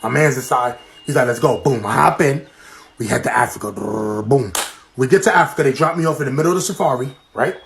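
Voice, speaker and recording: A man's voice: quick pace, vocal fry, a little hiss or hum. A man telling comic true-story tales, acting out each quoted line with big jumps in his voice. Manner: animated, acts out quotes with big pitch jumps.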